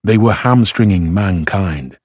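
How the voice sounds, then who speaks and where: A man reading passages of a classic novel aloud in a measured, even delivery. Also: sits low, slightly rough, no echo. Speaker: reader.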